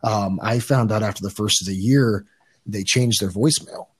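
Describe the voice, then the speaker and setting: A man's voice: lowish voice, moderate pace, slightly rough. A man guest on a podcast, telling a story casually in a rambling way, with restarts and swearing.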